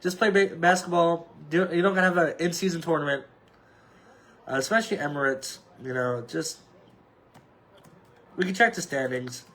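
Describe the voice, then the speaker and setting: Solo podcast host, thirties, male, higher register, offhand and rambling with lots of fillers. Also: moderate pace, long pauses, a bit bright. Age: 30s. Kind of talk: casual solo sports chat.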